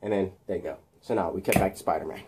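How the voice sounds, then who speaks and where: Brief: man, casual rambling storyteller, husky mellow voice. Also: sits low, quick pace. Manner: rambling, many fillers and restarts. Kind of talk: casual retelling of a made-up film plot.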